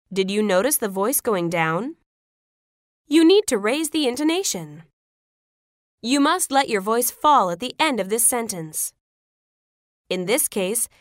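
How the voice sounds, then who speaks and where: Clear, lively-voiced woman teaching pronunciation. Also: a little high, no echo, clean studio sound. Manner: clear, deliberate, instructive. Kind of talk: scripted classroom phrases.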